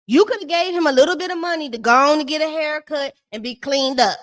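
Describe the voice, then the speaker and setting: A woman hosting a live-stream recap of a reality show, talking in a sassy, shady, animated ranting way. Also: high voice, fast. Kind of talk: casual live-stream commentary.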